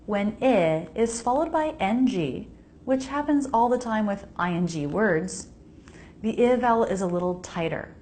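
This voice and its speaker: A woman with an American accent teaching pronunciation, modeling each sound slowly and repeating words for the listener to copy. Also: medium pitch, animated, darkish tone, a little hiss or hum. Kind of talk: slow pronunciation lesson.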